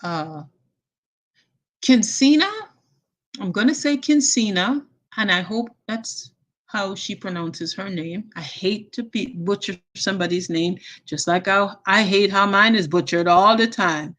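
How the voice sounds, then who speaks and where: A chatty woman with a Jamaican accent hosts a casual live stream. She greets her viewers one by one with endearments and drops into patois now and then. Her voice sits in an ordinary middle pitch. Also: measured pace, fairly bright tone. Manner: slips into patois phrases.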